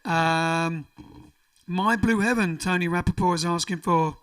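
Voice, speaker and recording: A man's voice: sits high, a little slow, fairly bright tone, distant mic. A man hosting a casual livestream, reading out viewer comments in a jokey, rambling way. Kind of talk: casual chat. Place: home during lockdown.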